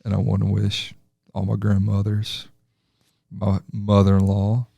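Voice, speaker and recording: Gravelly-voiced male pastor chatting. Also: fairly low pitch, a little slow, dry recording, studio quality. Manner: relaxed, affirming, playful. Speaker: pastor and podcast host. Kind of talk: casual chat.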